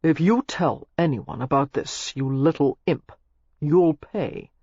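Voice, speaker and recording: A sardonic young gentleman speaks in short, dry, impatient lines, as an audiobook reader puts him on. The voice is husky and the delivery clipped. The audiobook recording is dull and lo-fi with a dry, close sound. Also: medium pitch, takes it slowly, no echo. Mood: threatening. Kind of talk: audiobook character voice.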